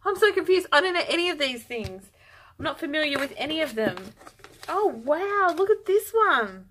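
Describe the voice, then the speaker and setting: A woman's voice: high voice, sing-song, normal speed, a bit bright, slight background noise. Bubbly, gushing woman unboxing yarn. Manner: bubbly, gushing, easily overexcited. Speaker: yarn vlogger. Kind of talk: casual unboxing chat.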